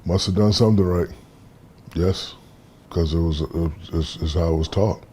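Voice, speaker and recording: A man in his fifties from the United States, an interview guest telling stories in a relaxed, casual way and acting out the voices in them. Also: sits low, moderate pace, slight background noise. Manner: relaxed storyteller, acts out quoted dialogue.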